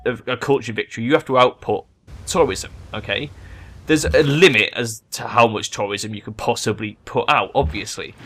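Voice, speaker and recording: Excitable man narrating gameplay. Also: fairly low pitch, slight background noise. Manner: excitable, swears freely, thinks aloud. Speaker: let's play gamer. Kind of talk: gameplay commentary.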